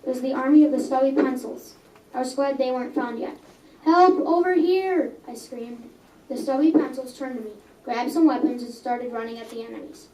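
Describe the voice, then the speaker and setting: A young girl reads her own story aloud in earnest, now and then stumbling and correcting herself. Her voice sits high and mellow. She is picked up from some distance in an echoey room with faint background ambience. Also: steady tone, brisk, a little hiss or hum. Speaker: reader. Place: coffee house.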